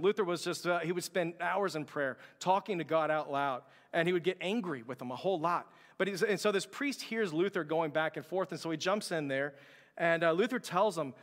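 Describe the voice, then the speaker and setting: A man preaching a sermon as pastor, telling a story with passion and acting out quoted lines. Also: fairly high pitch. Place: church sanctuary. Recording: long hall reverb.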